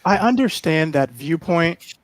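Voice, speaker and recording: A man's voice: on the high side, animated, measured pace, dry recording. A man moderating a panel chat in a pompous, overly formal put-on voice. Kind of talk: mock-formal panel debate.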